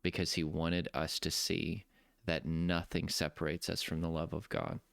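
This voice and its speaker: Man, coach type, earnest faith talk; deep and gravelly with a smooth, dry sound. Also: little pitch movement, fairly bright tone, no echo. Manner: earnest, preacherly, slows down for emphasis. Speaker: nervous system coach. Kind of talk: heartfelt personal faith talk.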